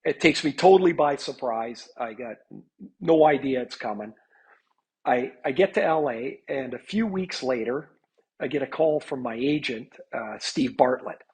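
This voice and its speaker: A man's voice: medium pitch, lively intonation, normal speed, darkish tone, slightly rough, low-quality recording. A man in his fifties, a hockey analyst, telling stories in a chatty podcast interview, with many restarts.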